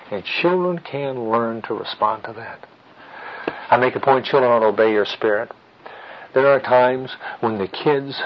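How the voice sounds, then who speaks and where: A middle-aged man giving an earnest teaching talk with personal stories, in a measured, firm, fatherly way. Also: on the low side, muffled recording, a little hiss or hum. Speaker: Christian parenting teacher.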